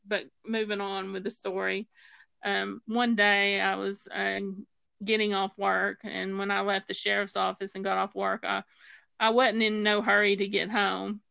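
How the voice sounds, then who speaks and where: Bright, gravelly woman telling a story. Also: medium pitch, flat delivery, a little slow, no echo, lo-fi sound. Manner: storytelling, acting out quoted voices, many fillers and restarts. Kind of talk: personal testimony in conversation.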